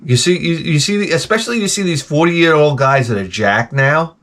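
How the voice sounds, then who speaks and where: A man's voice: fairly high pitch, animated, a little fast, a bit bright. A middle-aged man hosting his own show, grumbling through a profane, exasperated casual rant. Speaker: show host. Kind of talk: casual ranting monologue.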